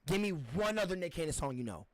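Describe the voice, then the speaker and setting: A man's voice: on the high side, sing-song, fast talker, dry recording. Brash young man chatting with dry sound. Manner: loud, profane, interrupts, laughs. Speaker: podcast host. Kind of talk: casual chat.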